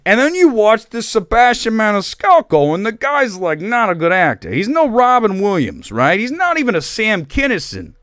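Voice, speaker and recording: A man's voice: huge pitch swings, moderate pace, few pauses, a bit bright, no echo, studio quality, full character voice. A man putting on a hammy mock Italian-American accent, voicing a brash Italian-American man. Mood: ranting. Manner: exaggerated, high-pitched and emphatic. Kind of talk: live stream movie commentary.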